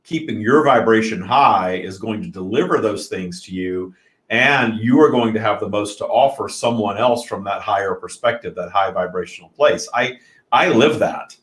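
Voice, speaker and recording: A man's voice: on the low side, moderate pace, a bit bright. A man hosting a spiritual live stream, talking earnestly and reflectively in a casual way. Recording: echoey room.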